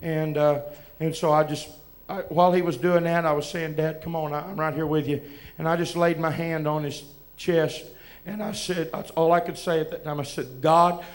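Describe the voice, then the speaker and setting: A man with a Southern US accent, preaching as he tells a halting, emotional testimony with many restarts. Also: on the high side. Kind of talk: testimony from the pulpit.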